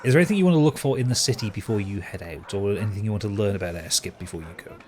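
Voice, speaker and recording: A man's voice: on the low side, expressive, very fast, a little mellow. A man narrating a tabletop game as game master, rambling with many fillers and hesitations.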